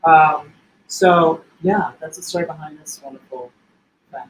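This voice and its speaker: A man's voice: a little high, a little slow. A man co-hosting a casual show, telling stories in an effusive, chatty way. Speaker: co-host. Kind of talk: casual livestream chat. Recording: echoey room with faint ambience.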